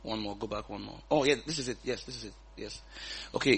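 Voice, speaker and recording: A man and pastor teaching the Bible in a relaxed conversation, reading verses aloud and chuckling often. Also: lowish voice, quick pace, hardly any pauses, husky.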